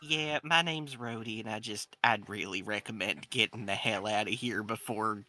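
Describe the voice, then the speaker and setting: A man with a mid-pitched, very bright voice, chatting casually as a player in a tabletop game. He explains his character's actions in a relaxed way. Faint music plays behind. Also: moderate pace.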